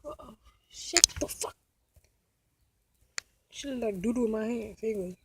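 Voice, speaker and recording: A young woman vlogging from inside a parked car, whispering one moment and shouting the next. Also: a little high, expressive, a little slow, a little hiss or hum. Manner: swings between loud outbursts and hushed whispers. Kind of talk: casual car vlog. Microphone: phone camera.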